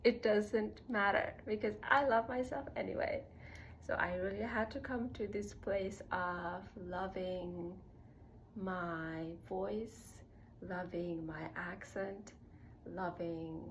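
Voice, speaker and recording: A woman's voice: mid-range voice, steady tone, slow pace, slight background noise, low-quality recording. A young woman vlogging a casual personal monologue, rambling with lots of "like" fillers and laughing at herself. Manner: rambling, heavy use of "like" fillers.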